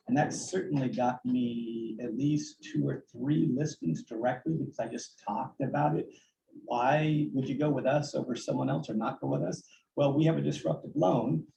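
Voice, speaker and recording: A man shares listing tips in an earnest coaching tone, restarting his phrases now and then. His voice is gravelly and mellow. The room mic sits far away, so the sound is dull and roomy with a faint hiss. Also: medium pitch, normal speed. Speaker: real estate agent. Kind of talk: town hall talk sharing sales advice. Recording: distant, dull, echoey room audio with faint noise.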